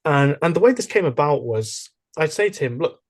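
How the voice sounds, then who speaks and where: A young man talks as a podcast guest in a relaxed, rambling way, full of fillers and self-corrections. He tells his stories with enthusiasm, and his pitch jumps up often. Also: a little fast. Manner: chatty, animated storytelling with many fillers and restarts. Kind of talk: casual interview chat.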